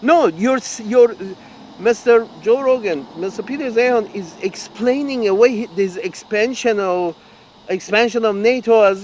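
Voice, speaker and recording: Guy with a high voice ranting hard, swearing, muffled lo-fi sound with faint traffic behind. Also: unhurried, darkish tone. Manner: angry, profane, repetitive ranting with frequent restarts. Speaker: political commentator. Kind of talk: ranting open-letter monologue.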